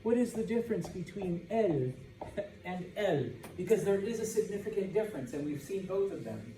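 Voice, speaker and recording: A man's voice: high-pitched, animated, normal speed, mellow. An American man teaching a Spanish class, speaking informally with jokes and asking the students "okay?" again and again. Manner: informal, joking, checks understanding with constant "okay?". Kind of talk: classroom lecture with student call-and-response. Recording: echoey classroom, voice from a distance.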